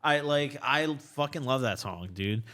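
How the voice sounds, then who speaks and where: Young man, tipsy, rambling host, animated pitch, casual swearing. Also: unhurried. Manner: loose, rambling, swearing, laughing. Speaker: podcast host. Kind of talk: casual drunk interview chat. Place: small cluttered podcast studio corner.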